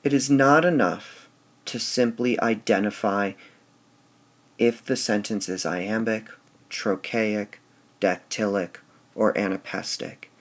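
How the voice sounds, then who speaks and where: Slow, gravelly man teaching a lesson. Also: on the low side, fairly even intonation. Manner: slow, deliberate, stressing syllables aloud. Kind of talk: recorded lesson on poetic meter.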